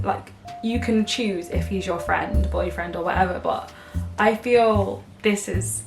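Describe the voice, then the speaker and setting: A woman's voice: medium pitch, steady tone, a little slow, creaky, reverberant, far from the mic, music in the background. A young woman vlogging casually, chatty and dramatic, swinging between outrage and giggles. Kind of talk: casual vlog chat.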